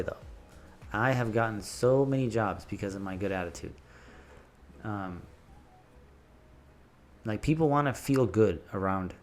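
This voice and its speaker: A man who runs a landscaping business, giving blunt, animated business advice and stories in a casual vlog. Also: lowish voice.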